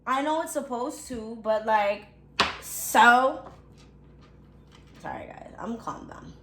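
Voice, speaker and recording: In a casual cooking vlog shot in her home kitchen, a young woman chats to her viewers, swears and makes dramatic complaints. She speaks slowly and animatedly at a fairly high pitch. Echo from the room and faint background noise are audible.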